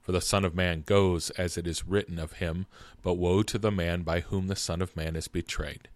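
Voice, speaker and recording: Male scripture reader, very low voice, dry close sound, measured and steady delivery. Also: dry recording. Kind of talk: scripted narration.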